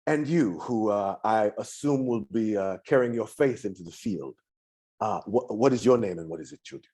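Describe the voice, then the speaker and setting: A man's voice: fairly low pitch, lively intonation, moderate pace, warm tone. A man voicing a nervous, polite male patron of elfin heritage who stammers as he hires adventurers.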